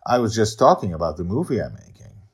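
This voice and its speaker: A man reading a charming, flirtatious grown man who turns defensive, keeping close to his own low husky voice. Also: sing-song, fast, exaggerated voice.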